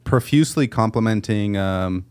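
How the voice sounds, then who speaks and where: A young man talks casually as a podcast host, searching for words with fillers and restarts. His voice sits on the low side and sounds smooth and resonant. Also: darkish tone. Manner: halting, many fillers and restarts. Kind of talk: casual chat.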